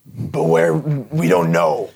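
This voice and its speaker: A man's voice: medium pitch, big pitch swings, slow pace, creaky, a little mellow. A man playing a tabletop game, making wry jokes in casual chat. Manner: joking, wry quips. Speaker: player.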